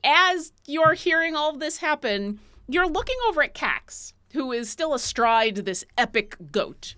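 A woman with a bright, clear voice narrates a tabletop game as its dungeon master. Her delivery is lively and playful as she sets each scene. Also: high-pitched, measured pace.

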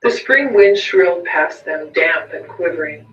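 A man reading a short story aloud in a measured, deliberate way. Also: sits high, animated, pushed and bright. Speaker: story reader. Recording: roomy, distant, muffled recording.

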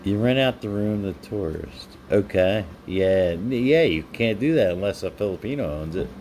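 A man's voice: fairly low pitch, animated, moderate pace, a little mellow, slight background noise. A man on a live stream, reading viewers' comments aloud and answering them with playful, teasing banter. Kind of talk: casual live-stream chat.

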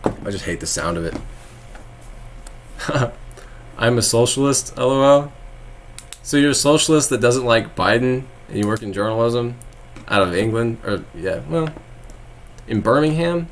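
Young male streamer from Texas, mid-pitched, loose rambling delivery, quick to laugh and throw sarcasm at chat. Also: expressive, slight background noise. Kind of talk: casual live-stream chat reading viewer comments.

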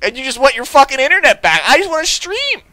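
A man's voice: very high-pitched, fast, no echo, low-quality recording. A young man ranting to his live stream audience, swearing constantly and mocking people with put-on voices. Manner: profane, animated storytelling with mocking voices.

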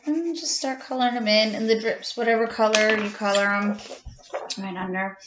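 A middle-aged art teacher chats her way step by step through a drawing tutorial, her medium-pitched voice steady and at normal speed. There's background noise, and the echoey room gives a dull, lo-fi sound.

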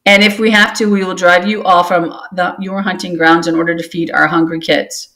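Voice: medium pitch, steady tone, moderate pace, vocal fry, fairly bright tone, rough recording. A reader voicing a menacing, domineering male cat clan leader in a storybook, speaking in a demanding growl.

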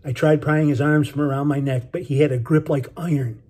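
Husky-voiced man narrating a novel. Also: fairly high pitch. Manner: steady, measured storytelling. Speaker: author reading his novel. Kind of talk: scripted narration.

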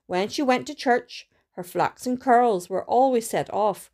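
A woman reading a storybook aloud with a steady, careful delivery and small restarts. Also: fairly high pitch, unhurried. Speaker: student reader.

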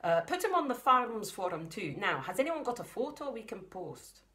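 A woman voicing a practical farm mother with a Scottish accent, talking in a brisk, no-nonsense way. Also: a little high, sing-song, a bit bright, voice pushed up.

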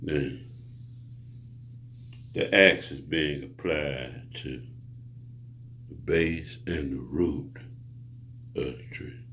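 A man's voice: very deep voice, very slow, pauses often, a bit bright, slight background noise. A man preaching a rambling monologue to his viewers, grandiose and profane, lecturing the listener. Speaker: self-styled preacher.

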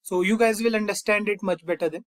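A young man hosting a coding tutorial, calmly walking through each step and often saying "fine" and "over here". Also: sits high, fast talker, no echo. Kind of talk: screen-recorded coding lesson.

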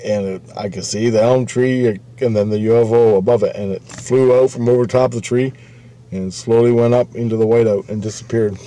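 A man's voice: mid-range voice, fairly even intonation, fairly quick, warm tone, lightly acted, rough recording. A man retelling his shaken woman friend's words in a slightly raised voice, repeating herself. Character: shaken young woman friend recounting a close call.

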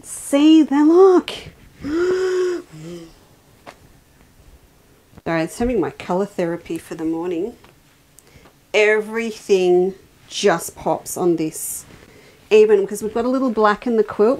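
An enthusiastic middle-aged woman talks through fabrics on a casual quilt shop show. She sounds chatty and excitable, often breaking off mid-thought before picking the sentence back up. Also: mid-range voice, moderate pace. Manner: chatty, enthusiastic, self-interrupting. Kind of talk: casual product show-and-tell.

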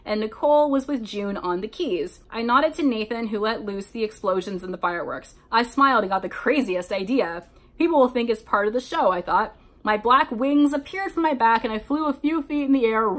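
A woman's voice: fairly high pitch, expressive, normal speed, fairly bright tone. A woman reading a fan-written story aloud, breaking off for sarcastic commentary between passages. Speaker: YouTuber reading fanfiction aloud.

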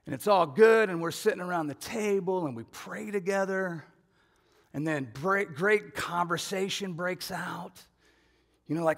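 A man preaching a sermon as a pastor, telling a family story in an animated way and acting out voices with shouts and laughs. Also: fairly high pitch, normal speed. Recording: long hall reverb.

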